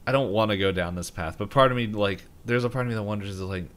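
A man co-hosting a podcast, telling stories in a hesitant, halting way with frequent restarts. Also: on the low side, fairly bright tone. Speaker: podcast co-host. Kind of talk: casual chat.

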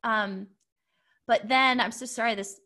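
A woman's voice: a little high, fairly even intonation, unhurried, sharp tone. A woman telling a heartfelt personal story in casual conversation, rambling with many fillers and restarts. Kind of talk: casual podcast chat.

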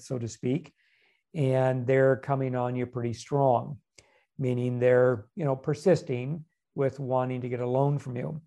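Calm man with a gravelly, mellow voice. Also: medium pitch. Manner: calm, measured, reflective explaining. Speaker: podcast host answering questions as a coach. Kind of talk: casual podcast advice talk.

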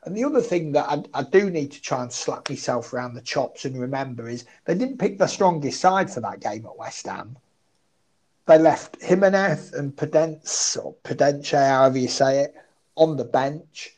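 A man's voice: mid-range voice, lively intonation, moderate pace, darkish tone, rough recording. Chatty man talking football bets. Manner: chatty, self-deprecating, thinks aloud. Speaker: football betting tipster. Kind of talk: casual betting podcast chat.

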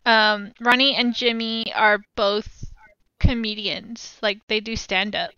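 A woman's voice: a little high, fairly even intonation, slow pace, bright, forceful tone, clear, resonant tone, dry recording. A woman co-hosting a casual movie chat, talking in a chatty, hesitant way full of fillers and restarts, on a dull lo-fi recording. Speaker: podcast co-host.

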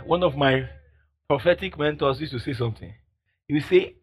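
A man preaching a fiery sermon at a church service, shouting declarations, then dropping to low murmurs and leading the congregation in call-and-response. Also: moderate pace, long pauses, husky. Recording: dull lo-fi recording.

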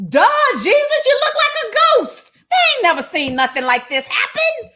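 Woman doing hyped disciple guy, high and shouty, totally can't believe it. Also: big pitch swings, normal speed, exaggerated voice. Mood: excited. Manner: loud, incredulous, slangy. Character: excited, baffled disciples, a group of men.

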